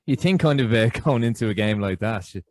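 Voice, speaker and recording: A podcast co-host with a fairly low voice chats easily, feeding his guest follow-up questions. His delivery is relaxed and conversational. The recording is dry and close. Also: a little fast, no room sound. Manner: laughs along and feeds in follow-up questions. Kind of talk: casual chat.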